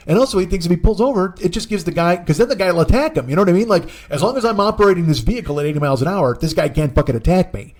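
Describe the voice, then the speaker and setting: Swearing comedian guy in his 40s rambling thru a story, kinda high voice. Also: very fast, few pauses. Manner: profane, rambling, animated. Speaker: podcast host, comedian. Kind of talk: comic storytelling monologue.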